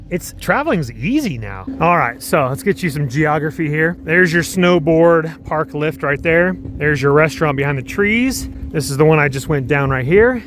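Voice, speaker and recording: A man's voice: on the high side, a little hiss or hum. An American man talking casually as a travel vlogger, rambling and correcting himself with upbeat slang while skiing outdoors. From United States. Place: outdoors on a ski slope.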